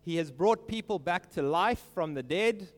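A man preaching an earnest sermon, stressing quoted lines slowly and emphatically. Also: sits high, expressive, long reverb tail.

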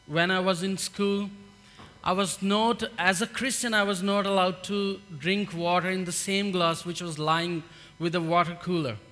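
A man from Pakistan with a Pakistani accent, giving an earnest, halting testimony in a church. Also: high-pitched, fairly even intonation, fairly bright tone, in a large hall, soft background music. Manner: earnest, halting, with many fillers. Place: church hall.

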